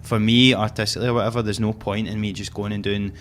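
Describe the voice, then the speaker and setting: A man's voice: on the low side, flat delivery, fast, a bit bright, a little hiss or hum. Chatty Glaswegian man, self-mocking. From Scotland. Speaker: comedian guest. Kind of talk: casual interview chat. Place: small venue before a live audience.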